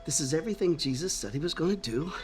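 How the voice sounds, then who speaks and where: An actor playing the apostle Peter as an impulsive, chatty adult man who thinks out loud in a comic church skit film. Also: on the high side, fast, faint music behind, lightly acted. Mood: rambling. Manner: excitable, rambling, thinks out loud.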